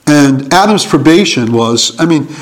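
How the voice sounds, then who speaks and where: A middle-aged man teaching in a conversational sermon, musing and halting with small chuckles. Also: fairly high pitch, expressive, rough recording. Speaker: preacher.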